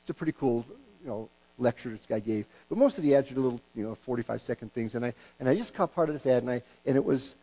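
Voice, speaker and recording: A man's voice: mid-range voice, quick pace. A middle-aged man preaching a sermon as pastor, folksy and joking, with stumbling restarts and acted-out quotes. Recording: dull lo-fi recording with hum.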